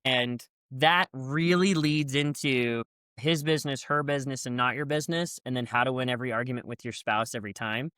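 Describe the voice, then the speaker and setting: A man speaking as a guest coach on a podcast, telling stories in a lively way and acting out quoted lines with a raised voice. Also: medium pitch, brisk, clear, resonant tone, no echo, clean studio sound. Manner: lively storyteller who acts out quotes with raised voice. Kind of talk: conversational podcast storytelling.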